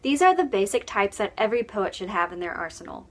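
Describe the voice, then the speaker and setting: A woman's voice: mid-range voice, big pitch swings, quick pace. A woman narrating a scripted poetry lesson and announcing each numbered section.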